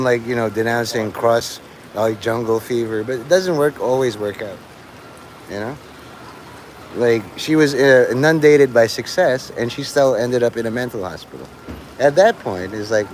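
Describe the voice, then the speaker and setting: A man's voice: mid-range voice, a little hiss or hum, poor audio. Rambling, crude middle-aged man outdoors. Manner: rambling, crude, swears loudly at the sky. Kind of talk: rambling outdoor livestream monologue. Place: outdoors in the rain near traffic.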